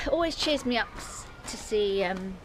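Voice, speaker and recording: A woman vlogging outdoors on a handheld phone, chatting in a rambling, casual way that sometimes turns soft and subdued. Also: mid-range voice, lively intonation, unhurried, over music. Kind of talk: casual walking vlog. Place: outdoors on a street. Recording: noisy outdoor street.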